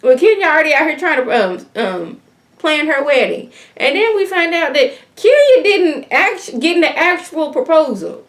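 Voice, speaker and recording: A woman's voice: sits high, very animated, normal speed. A woman giving a casual, chatty recap of a reality TV episode, filling her talk with "like" and "um" and acting out what people said. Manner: chatty, acts out other people's lines in quotes; leans on fillers like "like" and "um". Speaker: reality TV reviewer.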